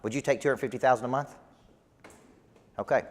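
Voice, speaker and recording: A man's voice: medium pitch, steady tone, fairly quick. A man, a business coach giving a motivational speech to a live audience, emphatic and repetitive. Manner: emphatic, repetitive rallying delivery. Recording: long hall reverb.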